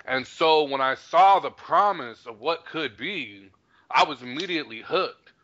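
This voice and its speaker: A man chatting in a laid-back way, with a bright, sharp tone. The recording is dull and lo-fi. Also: a little high, expressive, a little slow. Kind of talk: casual chat. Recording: dull lo-fi audio.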